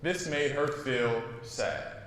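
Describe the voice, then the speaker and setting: A man's voice: medium pitch, sing-song, slow pace, a bit bright. Playful man reading to kids. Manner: playful, asks the kids questions. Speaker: news presenter reading to children. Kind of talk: reading a storybook aloud. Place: elementary school classroom. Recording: echoey room with long reverb.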